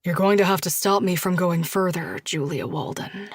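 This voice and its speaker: A woman voicing a tender, teasing young man, a lover, in a husky, low, intimate voice that sometimes drops to a whisper. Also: lively intonation, moderate pace.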